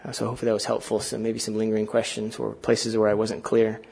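A man's voice: fairly low pitch, monotone, quick pace, gravelly, a little mellow, slightly rough. A male pastor preaching a sermon in a conversational, earnest way, often asking the congregation questions and using fillers.

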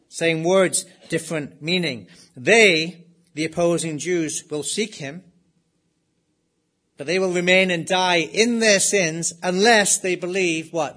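Middle-aged preacher, emphatic and conversational. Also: male voice, on the high side, fairly bright tone. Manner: conversational, rhetorical questions, emphatic scripture reading. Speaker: pastor. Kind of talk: expository sermon.

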